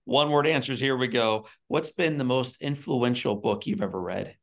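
A man hosting a casual podcast interview, asking friendly quick-fire questions. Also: mid-range voice. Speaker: podcast host.

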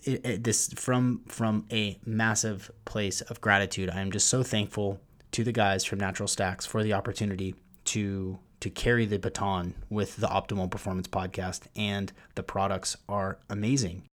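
Eager podcast host, lowish male voice. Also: steady tone, moderate pace, few pauses. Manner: enthusiastic, rambling with restarts. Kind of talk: podcast intro and ad read.

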